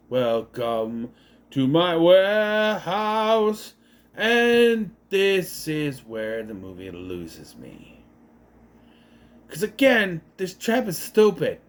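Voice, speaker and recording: A man casually recapping a horror movie, exasperated and sarcastic, swearing as he goes. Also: a little high. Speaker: movie reviewer.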